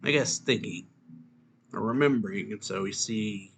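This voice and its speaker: A man's voice: on the low side, moderate pace, vocal fry, a bit bright, a little hiss or hum. A man giving a casual chapter recap, retelling it loosely with lots of fillers and restarts. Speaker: manga reviewer.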